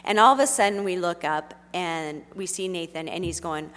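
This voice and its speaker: A middle-aged woman telling a heartfelt personal story to an audience, speaking gently and earnestly with frequent fillers. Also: lowish voice, moderate pace, few pauses, long reverb tail.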